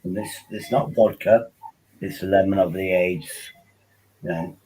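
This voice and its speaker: A man's voice: low voice, fairly even intonation, unhurried, warm tone, a little hiss or hum, rough recording. A man hosting a casual livestream, rambling and joking while tipsy on wine, often repeating himself. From England. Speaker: livestream host.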